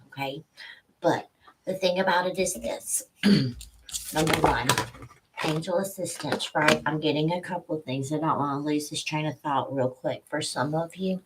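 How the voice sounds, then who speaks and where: A woman with a low, deep voice gives a relaxed spiritual tarot reading to camera from her home. She talks in a loose, chatty way and drifts easily into asides. A faint noise sits under the recording. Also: poor audio. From Louisiana. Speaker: tarot reader and psychic. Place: home room with dogs nearby.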